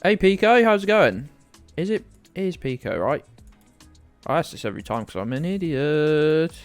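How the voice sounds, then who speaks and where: A man's voice: a little high, sing-song, moderate pace, clean tone. Rambly self-mocking uk guy streaming a game, voice bounces all over the place, bit of music behind. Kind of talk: casual live-stream commentary.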